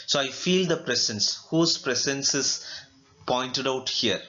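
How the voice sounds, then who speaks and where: A male literature teacher with an Indian English accent, explaining a poem line by line in a slow lecture, asking himself questions and adding fillers. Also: mid-range voice, bright, forceful tone. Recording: dull lo-fi recording.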